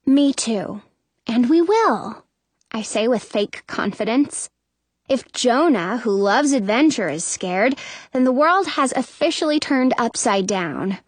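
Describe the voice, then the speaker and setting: A woman narrates a children's story in first person, expressive and taking on the voice of a young girl. Her voice is high and her pace unhurried. The recording is close and dry. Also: no room sound. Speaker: audiobook narrator.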